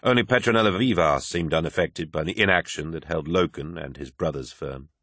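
A man narrates an epic battle story with grave, measured weight. His voice sits very low and the recording is bone dry, with no room around it. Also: a bit bright, dry recording. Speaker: audiobook narrator. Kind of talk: dramatic scripted narration.

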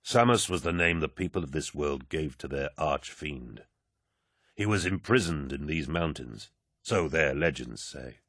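A man's voice: very deep voice, expressive, measured pace, a bit bright, no room sound, clean studio sound, voice pushed down, full character voice. A man voicing a grave giant warrior. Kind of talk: audiobook character voice.

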